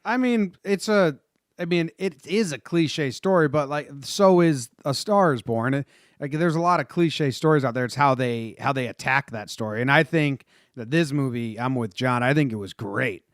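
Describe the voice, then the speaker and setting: A man's voice: medium pitch, normal speed, no echo, studio quality. A man hosting a casual movie podcast, upbeat and leading the talk. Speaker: podcast host.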